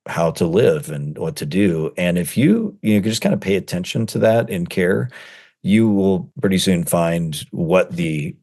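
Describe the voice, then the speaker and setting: Low-voiced man speaking in quick bursts. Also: animated, darkish tone. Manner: talks in quick bursts with many fillers and restarts. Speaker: guest author; seminary professor. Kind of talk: conversational interview.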